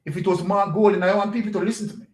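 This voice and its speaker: A man's voice: high-pitched, steady tone, racing, roomy sound. A Jamaican man giving an opinionated political monologue as a commentator, pressing his points with rhetorical questions and repetition.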